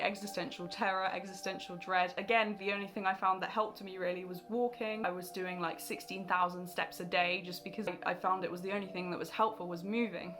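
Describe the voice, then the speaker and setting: A young woman talking openly to her camera in a confessional vlog. Her voice sits at an ordinary middle pitch and her delivery is frank and expressive. She moves easily between serious reflection and a wry laugh. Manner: candid and emotionally expressive, laughs at her past. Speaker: vlogger. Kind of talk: personal confessional talk to camera.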